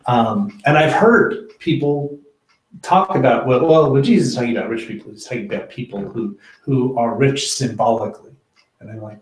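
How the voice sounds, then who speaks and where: A man leads a relaxed Bible study, thinking out loud with plenty of ums and restarts. His voice sits in the middle range and carries a noticeable room echo. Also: medium pitch, normal speed. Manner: conversational, many fillers and restarts. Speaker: pastor leading a Bible study. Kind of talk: informal Bible teaching with discussion.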